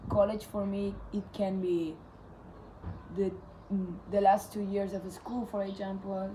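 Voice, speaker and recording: Young woman from Spain, mid-pitched, halting casual chat, faint background noise. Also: level tone, warm tone. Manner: hesitant, thinking aloud.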